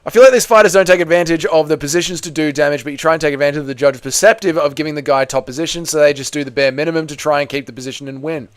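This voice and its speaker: Smooth-voiced young male stream host. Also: on the high side, fairly even intonation, rapid-fire, hardly any pauses. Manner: chatty, jokey, answering chat. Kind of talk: casual live watch-along commentary.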